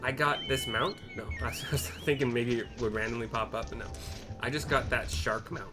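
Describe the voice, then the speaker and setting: A man's voice: medium pitch, fairly even intonation, brisk, loud music behind the voice. Chatty man narrating a game. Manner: chatty and rambling, self-correcting. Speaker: gameplay narrator. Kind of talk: casual playthrough narration with audio description.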